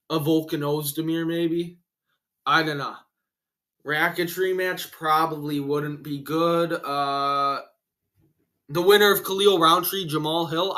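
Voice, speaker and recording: A young man hosting a casual solo reaction to fight results, excitable and full of slang and swearing, a bit out of breath. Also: a little high. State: breathing heavily. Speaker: MMA reaction host.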